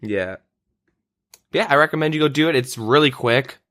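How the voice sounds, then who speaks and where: A man's voice: medium pitch, normal speed, dry recording, clean studio sound. A young man from Canada hosting a gaming podcast, chatting loosely with lots of "like" and "um". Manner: relaxed, many fillers like "like" and "um". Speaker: podcast host. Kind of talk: casual gaming chat.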